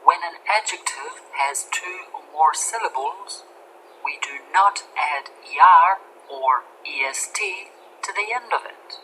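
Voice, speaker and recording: A woman reads a scripted grammar lesson in a low-set voice, slow and deliberate. She spells out letters one by one, and faint noise sits behind her. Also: pushed and bright, poor audio. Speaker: English grammar narrator.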